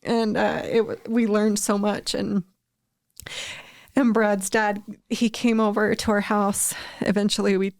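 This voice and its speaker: A woman's voice: medium pitch, level tone, measured pace, no room sound, studio quality. A woman in her thirties co-hosting a podcast, telling her story candidly with many restarts and fillers. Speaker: podcast co-host. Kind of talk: casual chat.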